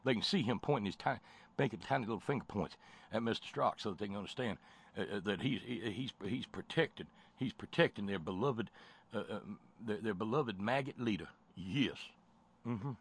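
A man's voice: on the low side, animated, brisk, gravelly, breathy edge. A male talk radio host with a sardonic, stammering way of talking who restarts his sentences often. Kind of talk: political call-in radio talk.

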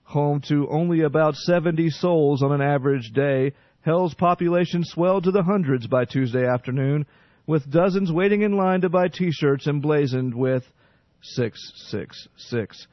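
A man reading the news on radio in a steady, formal, scripted delivery. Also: a little high, normal speed, no room sound. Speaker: radio newsreader. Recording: dry, slightly muffled radio.

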